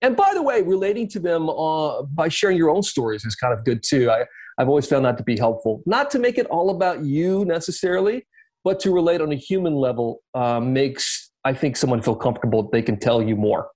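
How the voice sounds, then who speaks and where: A man's voice: a little high, expressive, fairly quick, darkish tone. A man, a guest on a podcast, talking casually and reflectively about interviewing artists, with lots of fillers and restarts. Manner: reflective, rambling with many fillers.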